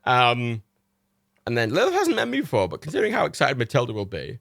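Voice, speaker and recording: A man's voice: medium pitch, huge pitch swings, fast talker, vocal fry, fairly bright tone, dry recording, studio quality. A man hosting a livestream, a little tipsy, rambling casually with lots of laughter and swearing. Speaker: livestream host. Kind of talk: casual chat.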